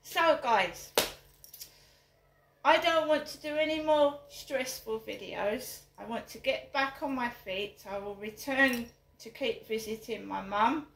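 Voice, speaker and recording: A woman's voice: fairly high pitch, slow pace, creaky, a bit bright, a little hiss or hum. Indignant woman, echoey room. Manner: indignant, emphatic, repeats phrases for force. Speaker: vlogger. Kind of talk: angry personal vlog rant. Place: home flat.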